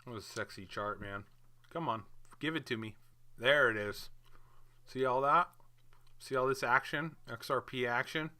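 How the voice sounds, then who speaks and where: Male vlogger, excitable chart talk, smooth clear voice, unhurried delivery. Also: medium pitch. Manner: chatty, hyped, talks to charts. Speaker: crypto market video host. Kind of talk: casual screen-share commentary.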